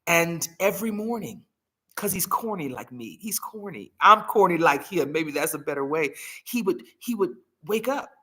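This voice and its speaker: A woman hosts a live healing talk, speaking earnestly and telling heartfelt stories. Her voice is bright and forceful. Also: on the low side, lively intonation, moderate pace, slightly rough. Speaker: host.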